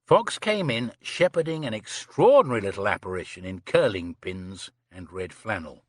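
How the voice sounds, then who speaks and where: Guy reading an old detective novel aloud, lively pitch, husky, dry close sound. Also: normal speed, few pauses, no echo. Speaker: audiobook narrator. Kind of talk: scripted narration.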